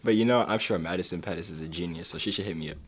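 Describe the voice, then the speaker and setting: A man's voice: deep voice, very fast, breathy edge. A young man co-hosting a podcast, sarcastic in casual banter, who tells strange stories and trivia. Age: young adult. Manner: sarcastic, storytelling, full of odd facts. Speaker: podcast co-host.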